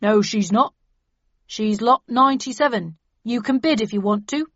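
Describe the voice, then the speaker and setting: A woman's voice: a little high, a bit bright, no echo. A woman putting on a smug, hard-nosed male auctioneer in a storybook reading. He speaks coldly and mockingly, drawing his words out. The recording is dry and a little dull. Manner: cold, mocking, drawn-out.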